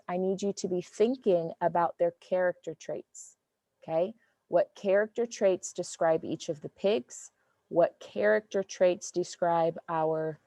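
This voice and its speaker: A woman teacher leading an online class, brisk and often checking in with her students. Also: on the low side, a little mellow, no room sound. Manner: brisk, checks in with "okay?" and "all right?".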